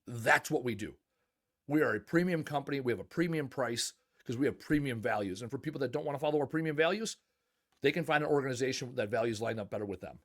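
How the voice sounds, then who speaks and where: A man's voice: medium pitch, quick pace. A man who owns a junk removal company, telling stories emphatically in a casual podcast conversation. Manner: emphatic, animated storytelling. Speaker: junk removal business owner.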